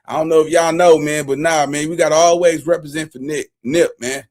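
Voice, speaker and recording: High-voiced man hyping a livestream. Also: steady tone, a little fast, a little mellow. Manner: addresses viewers directly, casual slang. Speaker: livestream host. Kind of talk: livestream chat.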